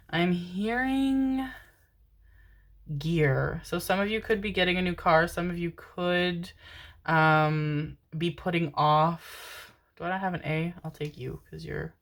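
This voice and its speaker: A woman's voice: on the low side, slow pace. A woman giving a casual pick-a-card tarot reading, chatty and rambling, often breaking into laughter.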